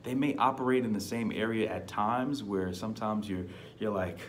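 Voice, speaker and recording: A man with a fairly low voice talks through a Bible teaching in an earnest, conversational way. His voice climbs when he stresses a point. A faint hiss runs under the recording. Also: moderate pace, few pauses. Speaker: preacher. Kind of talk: devotional teaching.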